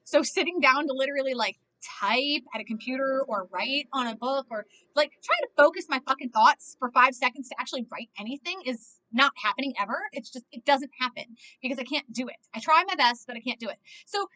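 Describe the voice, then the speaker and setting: A woman's voice: high-pitched, lively intonation, fairly quick, few pauses, bright, forceful tone. A young woman rambling through a casual movie reaction, filling her talk with "like" and swearing freely. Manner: rambling, heavy use of "like", frequent swearing.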